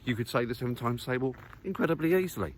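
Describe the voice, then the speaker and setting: A man's voice: medium pitch, expressive, quick pace, slight background noise. A man talking casually while walking outdoors, thinking aloud with lots of fillers and restarts. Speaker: vlogger. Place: outdoors on a muddy countryside walk.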